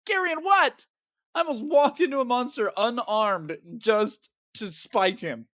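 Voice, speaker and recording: A woman's voice: fairly high pitch, a little slow, fairly bright tone, no room sound, clean studio sound. A woman voicing a long-suffering male game hero stuck in a cave, complaining melodramatically and sarcastically in a comedic diary monologue. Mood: exasperated.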